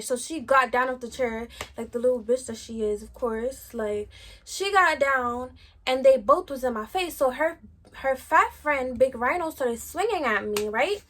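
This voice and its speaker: High-voiced young woman telling a story. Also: expressive, moderate pace, fairly bright tone. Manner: slangy, chatty, lots of "like" fillers. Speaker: vlogger. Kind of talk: casual storytime chat.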